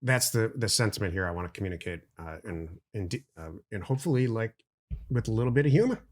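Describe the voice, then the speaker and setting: Low-voiced middle-aged man co-hosting a podcast. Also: animated, quick pace. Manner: explains plainly, blunt opinions. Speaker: podcast co-host. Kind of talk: casual business podcast chat.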